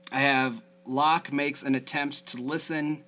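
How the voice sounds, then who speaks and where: A man's voice: mid-range voice, fairly even intonation, measured pace, pushed and bright. A man hosting a casual podcast chat, rambling with lots of fillers. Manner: chatty, rambling, many fillers. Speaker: podcast host.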